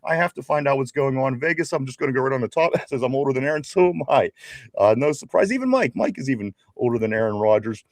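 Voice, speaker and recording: A man with a Pittsburgh accent co-hosts a live sports podcast, chatting casually on the stream and reading viewer comments aloud with many fillers and restarts. His voice is medium-pitched and fast, with no echo.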